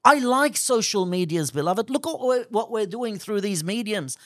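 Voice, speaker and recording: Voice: mid-range voice, expressive, moderate pace, a bit bright, no echo, studio quality. A preacher giving a fervent sermon, often speaking in the first person as God and pressing pointed questions. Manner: fervent, speaks at length in God's voice.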